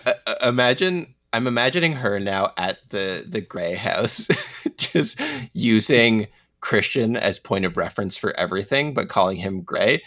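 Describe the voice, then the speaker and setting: A man's voice: expressive, moderate pace, fairly bright tone. Laughing man chatting on a podcast. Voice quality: laughs often, wide-ranging pitch. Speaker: podcast co-host. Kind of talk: casual chat.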